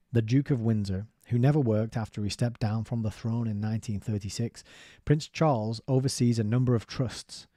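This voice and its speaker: Low dry-voiced man reading aloud. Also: no room sound. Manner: steady reading broken by chatty asides with fillers and laughs. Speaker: book reviewer. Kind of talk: reading a book aloud with casual commentary.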